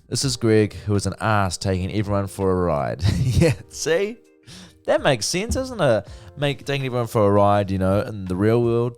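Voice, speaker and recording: A man's voice: sits low, clean tone. A man giving a casual, profane, chatty review of a TV series. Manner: chatty, profane, lively retelling. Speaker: TV review vlogger.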